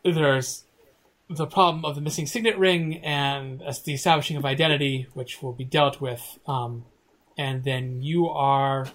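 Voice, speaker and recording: Man game master narrating with pauses. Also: medium pitch. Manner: halting, many fillers and restarts while narrating.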